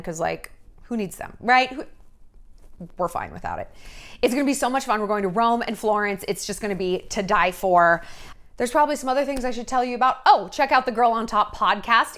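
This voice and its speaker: A woman's voice: fairly high pitch, a bit bright. A woman in her thirties hosting a celebrity gossip vlog, sarcastic, brash and profane. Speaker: vlogger host.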